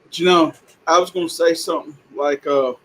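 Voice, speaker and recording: Man, stream regular, folksy and blunt, slightly high voice, faint background noise. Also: steady tone, fairly quick, low-quality recording. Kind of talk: casual chat.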